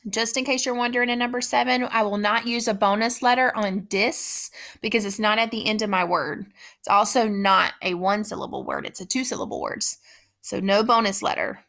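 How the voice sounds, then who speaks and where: A woman teacher giving a spelling dictation lesson, speaking slowly and repeating each word with patient care. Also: mid-range voice, a bit bright. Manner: slow, patient, repeats words carefully.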